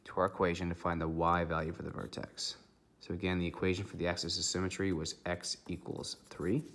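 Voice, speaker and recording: Male math teacher, deep and forceful, methodical lesson delivery. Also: brisk. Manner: methodical, steady, checks in with "okay".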